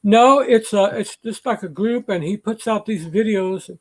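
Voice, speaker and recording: A man's voice: sits high, a little slow. A man hosting a casual livestream chat, rambling and reading out viewer comments. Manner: rambling, chatty. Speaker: livestream host.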